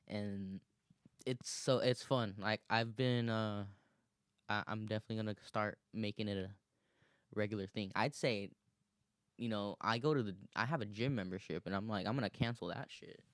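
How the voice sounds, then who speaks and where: Casting: man in his twenties, low voice, loose rambling solo podcast talk, swears freely, laughs between thoughts. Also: steady tone, normal speed, no echo, clean studio sound. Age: 20s. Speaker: podcast host. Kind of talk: casual solo monologue.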